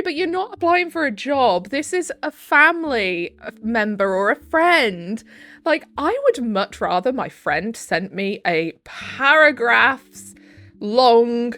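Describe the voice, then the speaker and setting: A woman reading online stories aloud in a casual, opinionated way, adding chatty asides and reading quoted texts in a deliberate monotone. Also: fairly high pitch, no room sound. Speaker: Reddit story reader.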